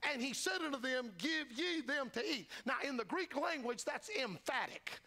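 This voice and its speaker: A man's voice: very high-pitched, expressive, moderate pace, creaky, pushed and bright. An older man preaching a revival sermon as a traveling evangelist, folksy and fervent, acting out the disciples' voices. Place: church sanctuary.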